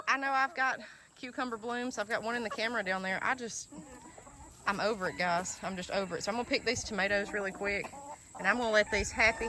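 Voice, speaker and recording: A Southern-accented woman from Alabama, a homestead vlogger, chats emotionally with viewers as she tours her garden outdoors in a casual vlog. Her voice is mid-range, and the recording is very noisy, with chickens, ducks and outdoor ambience in the background.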